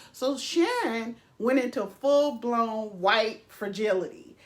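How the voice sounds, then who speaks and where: A woman vlogger giving casual, emphatic opinion commentary, swearing freely and pausing often with fillers. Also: a little high, lively intonation. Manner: emphatic, profane, with frequent pauses and fillers.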